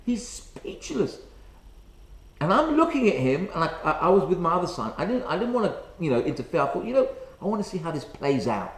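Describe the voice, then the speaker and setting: A middle-aged man, a rabbi telling a story in a sermon, halting often with fillers. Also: high-pitched, very animated. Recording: roomy echo.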